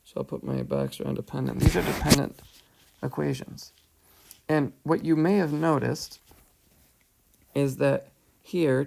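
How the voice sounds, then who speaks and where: Gravelly male math teacher. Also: medium pitch, a little mellow. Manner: patient, explains step by step, asks "right?". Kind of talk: whiteboard math lesson. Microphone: headset or tablet mic, voice-over screencast.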